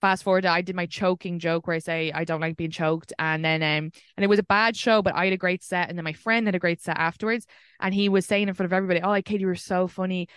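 A young Irish woman hosting a podcast, telling dating stories in a casual video call, animated and swearing freely. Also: lowish voice, fast talker, clean tone, dry recording, studio quality. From Ireland. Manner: swearing storyteller, animated retelling. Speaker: podcast host.

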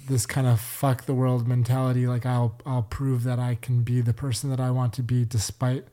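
A man's voice: medium pitch, level tone, normal speed, warm tone. A man hosting a podcast, asking long, rambling questions full of fillers. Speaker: podcast host. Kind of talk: interview questions.

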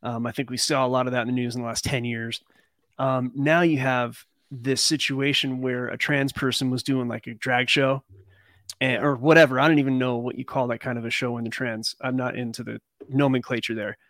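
A man's voice: medium pitch, level tone, fairly quick, fairly bright tone, dry recording, clean studio sound. A man talking loosely as a podcast guest, rambling through commentary with fillers. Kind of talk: casual live chat.

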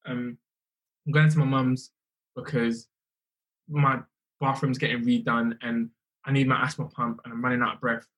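A young man, a musician telling his story in a casual, animated way, often repeating himself. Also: mid-range voice, normal speed, long pauses. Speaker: musician guest.

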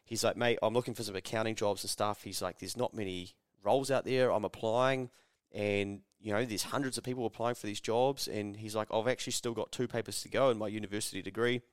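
A young man chats on a podcast, acting out the people in his stories and swearing freely. His voice sits low and comes across smooth and clean. The sound is dry and close to the mic. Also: steady tone, brisk, dry recording. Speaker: podcast co-host. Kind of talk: casual podcast chat.

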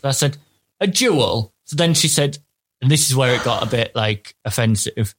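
A man's voice: mid-range voice, a little fast, a bit bright. An English man co-hosting a podcast, telling rambling anecdotes in casual chat and laughing along. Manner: rambling storyteller, laughs at his own tales. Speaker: podcast co-host.

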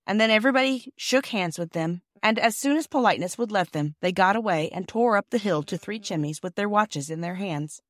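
Lady reading an old kids book aloud, gentle, mid voice, dry close mic. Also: medium pitch, expressive, a little fast, few pauses, dry recording. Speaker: audiobook reader. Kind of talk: scripted narration.

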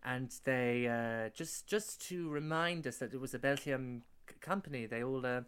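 A man co-hosting a comedy review podcast, rambling in a mock-earnest way, full of halting restarts and stammers. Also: medium pitch, a bit bright, clear, resonant tone. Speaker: co-host. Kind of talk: deadpan comedy review chat.

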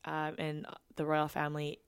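A woman's voice: sits low, completely flat delivery, normal speed, clear, resonant tone. A woman co-hosting a podcast in casual chat, reading housekeeping notes with plenty of ums. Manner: chatty, reads housekeeping notes with filler ums. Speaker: podcast co-host.

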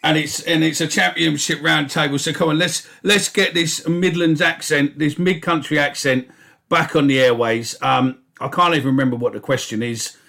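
A man's voice: fairly high pitch, steady tone, normal speed, vocal fry, pushed and bright. A man hosting a football podcast round table, telling stories in a jokey way and swearing now and then. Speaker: podcast host. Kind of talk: casual chat.

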